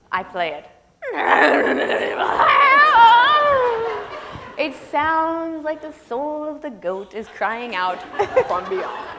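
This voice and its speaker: A woman author telling funny stories on an opera house stage, lively and laughing, into a stage microphone. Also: high voice, extremely slow, pauses often, a loud crowd. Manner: lively, laughing comic storyteller. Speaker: guest author. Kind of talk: onstage storytelling Q&A. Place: large opera house stage before audience. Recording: reverberant hall, faint noise.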